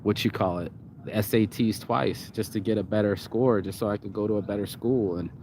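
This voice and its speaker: A man in his forties, rambling and reflective in a laid-back outdoor vlog, his voice low and mellow. He keeps dropping "you know" between thoughts while traffic hums faintly behind him. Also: fairly even intonation, a little fast. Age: 40s. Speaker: vlogger. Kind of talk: casual outdoor vlog monologue. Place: outdoors on a campus.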